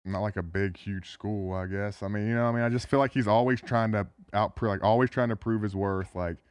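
A low, smooth male voice, recorded close and dry in a studio. He is a former football player in his thirties, answering questions casually, pausing often and restarting his sentences with plenty of fillers. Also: steady tone, no room sound. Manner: halting, lots of fillers and restarts. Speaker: NFL tight end guest. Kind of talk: casual podcast interview.

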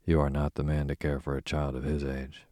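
A quiet, earnest gentleman who speaks seriously, read by a man in a bedtime audiobook. The voice is extremely low, the delivery flat and slow, the sound dry. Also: no echo.

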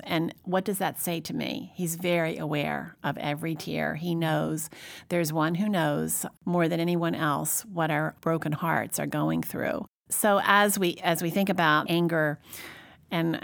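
Woman w/ really low gravelly voice, gentle faith chat, dry close sound. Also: no room sound. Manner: reflective, gentle, scripture-minded. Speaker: co-host. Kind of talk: faith-based conversation.

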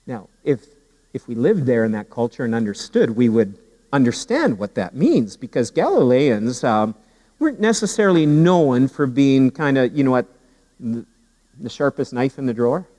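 A pastor preaching a sermon with humor and animated storytelling, often repeating his words as he goes. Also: mid-range voice, moderate pace, long pauses, big-room sound, low-quality recording. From Canada.

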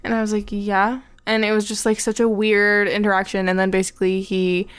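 A woman's voice: mid-range voice, monotone, fast talker, clear, resonant tone. A young woman chatting casually on a podcast, telling a story in a frank, swearing, laughing manner. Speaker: podcast guest, host's fiancée.

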